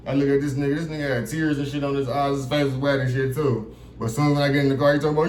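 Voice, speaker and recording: Young man, vlogger, profane casual storytelling, animated, acts out other people, roomy echo, faint background noise. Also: mid-range voice, rapid-fire. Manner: profane, animated, keeps asking "you feel me".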